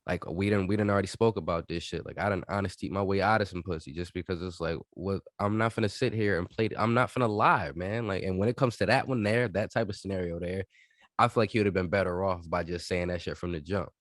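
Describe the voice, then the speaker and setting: Deep-voiced animated male podcast co-host. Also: fast talker, dry recording, studio quality. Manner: animated, swears freely, laughs often. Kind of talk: casual chat.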